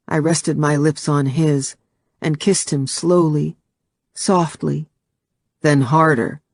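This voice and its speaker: Man narrating a story, slightly high voice. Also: no echo. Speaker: audiobook narrator. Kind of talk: scripted first-person narration.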